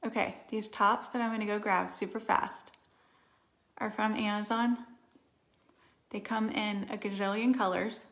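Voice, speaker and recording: A woman's voice: medium pitch, little pitch movement, a little slow, long pauses, a bit bright. A woman in her thirties hosting a casual live makeup tutorial from her home, rambling and chatty as she reads out viewer comments. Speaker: beauty livestream host. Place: room in her home, indoors. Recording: roomy echo of a home room.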